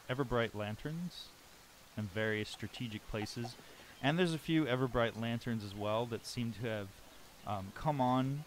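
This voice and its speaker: A man's voice: fairly low pitch, slight background noise. A man acting as game master, narrating a tabletop game in a descriptive way with frequent ums.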